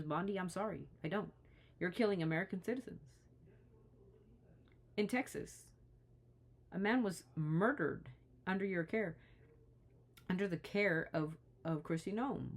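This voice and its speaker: A woman's voice: fairly low pitch, expressive, unhurried, pauses often. A woman talking straight to the camera in an impassioned vlog, indignant and pleading, often restarting her sentences. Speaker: vlogger.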